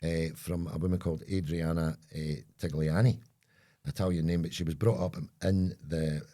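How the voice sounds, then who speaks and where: A man's voice: low voice, fairly even intonation, normal speed, warm tone. A Scottish man co-hosting a podcast, chatting in a joking, rambling way. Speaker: podcast co-host. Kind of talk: casual chat.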